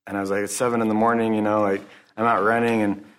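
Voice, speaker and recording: A man giving an earnest, halting personal testimony at a recovery meeting, closing in prayer. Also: on the low side, flat delivery, clean tone. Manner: halting, earnest, restarts often; religious, closes in prayer. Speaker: speaker sharing at a recovery meeting.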